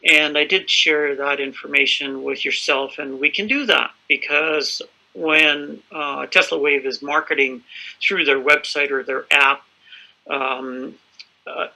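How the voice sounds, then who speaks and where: A man's voice: medium pitch, pushed and bright, rough recording. A man hosting a business presentation in a formal, courteous way with some hesitant fillers.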